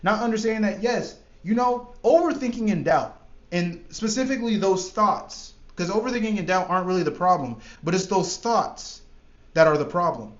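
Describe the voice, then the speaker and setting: Man, high voice, emphatic motivational coach, casual swearing, echoey dull-sounding room. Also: moderate pace. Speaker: trading coach. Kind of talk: motivational monologue.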